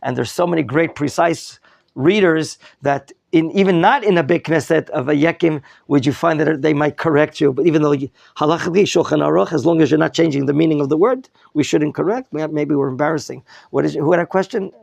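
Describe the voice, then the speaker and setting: Male teacher, kinda high raspy voice, quizzing his class, dry close sound. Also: fairly quick, no echo. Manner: lively teacher, quizzing students, mixing in Hebrew terms. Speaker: rabbi teaching a Torah class. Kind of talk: classroom Bible lesson.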